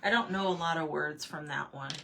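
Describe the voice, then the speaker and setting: A woman's voice: deep voice, a little fast, vocal fry, fairly bright tone, a little hiss or hum. A woman chatting casually with her livestream viewers while she paints at home, answering their comments and laughing often. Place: home room with desk.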